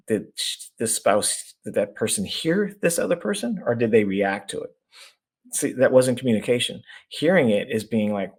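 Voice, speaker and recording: A middle-aged man, an executive coach guesting on a podcast, explaining his ideas through lively stories and acted-out voices. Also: on the low side, fairly quick, husky. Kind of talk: conversational storytelling.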